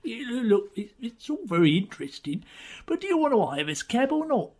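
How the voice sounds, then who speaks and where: A woman's voice: a little high, very animated, fairly quick, darkish tone, breathy edge, exaggerated voice. A woman voicing a cheeky, wisecracking cab driver in a comedy audio play.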